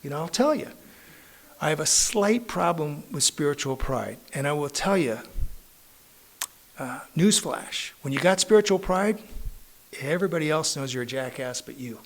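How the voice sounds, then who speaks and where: A man's voice: a little high, expressive, normal speed. Chatty middle-aged man sharing at a meeting. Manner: conversational, self-mocking, frequent tag questions. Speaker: AA meeting speaker. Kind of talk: storytelling recovery share. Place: recovery club meeting room.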